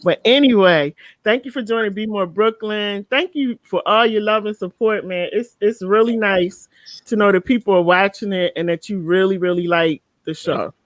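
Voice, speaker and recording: A woman hosts a live talk show in casual, chatty fashion and tells stories with animated jumps. She is tired at the end of the night. Her voice sits at a middle pitch in a dry, close recording. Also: normal speed, no echo. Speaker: show host.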